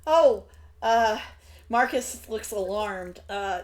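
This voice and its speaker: Woman game master, slow easy pace, chatty and giggly, talking into her own mic on a call. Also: a little high. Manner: laughs often, relaxed and chatty. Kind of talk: narrating a tabletop game.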